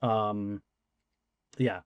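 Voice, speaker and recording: A man's voice: fairly low pitch, fairly even intonation, very slow, clear, resonant tone, no echo. Man in his forties, rambling storyteller. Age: 40s. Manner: rambling anecdotes with many fillers. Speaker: guest. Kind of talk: casual interview storytelling.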